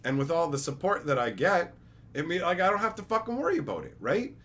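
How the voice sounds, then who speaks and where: A man's voice: a little high, sing-song, fast talker, fairly bright tone. A young man chatting casually on a livestream, rambling, joking and swearing freely. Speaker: streamer.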